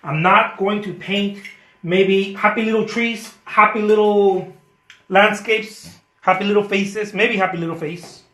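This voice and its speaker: A man's voice: high-pitched, steady tone, a little slow, fairly bright tone, echoey room. A man painting live for his viewers, chatting casually and joking about himself with playful boasts, and thanking viewers by name. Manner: playful, self-mocking boasts. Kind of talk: casual live-stream chat while painting.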